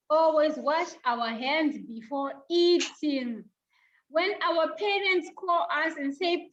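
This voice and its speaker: A woman teacher giving an online class over a video call, slowly repeating each point for young pupils. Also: high-pitched, fairly bright tone, dull audio.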